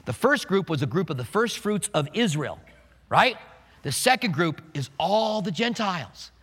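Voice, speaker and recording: A man preaching a sermon in an animated way, acting out the scenes he describes. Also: sits high, normal speed, husky, big-room sound. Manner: animated, acts out scenes with quoted voices. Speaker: pastor.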